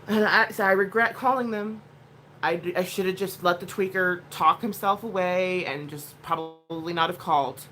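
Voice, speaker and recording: A woman's voice: lowish voice, moderate pace, a bit bright, soft background music. A woman vlogging at home, telling a rambling story in a blunt, casual way with plenty of swearing. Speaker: vlogger, mother.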